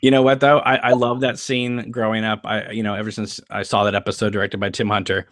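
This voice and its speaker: A man's voice: on the low side, flat delivery, fast, fairly bright tone, dry recording, clean studio sound. A young adult man hosting a casual live-stream chat, enthusiastic, laughing often and repeating words as he goes. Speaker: podcast host.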